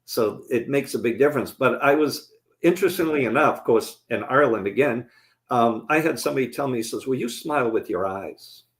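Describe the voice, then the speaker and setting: A man's voice: mid-range voice, brisk. A man as a guest in casual conversation, telling self-deprecating anecdotes.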